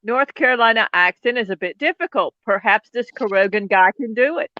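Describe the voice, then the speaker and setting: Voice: medium pitch, fairly quick, dry recording, lo-fi sound. A participant chatting casually and teasing in an online group call.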